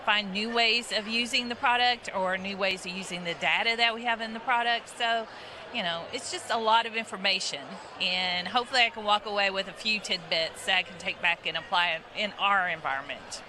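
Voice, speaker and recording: A woman's voice: medium pitch, a little fast, background noise. A woman attending a conference, chatting casually in an interview on a crowded expo floor, with plenty of fillers.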